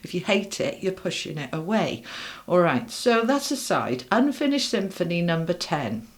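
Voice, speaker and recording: A middle-aged woman with a fairly low voice gives a casual, chatty tarot reading to her viewers. She is upbeat and speaks straight to them as she works through the cards. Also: very animated, normal speed. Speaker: tarot reader.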